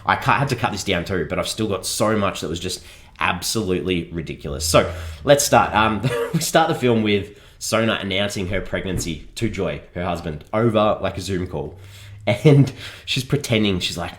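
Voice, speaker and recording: A man's voice: fairly low pitch, animated, normal speed. A man casually reviewing a film on a podcast, chuckling often as he mocks what he saw. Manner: chuckles often, mocking and critical.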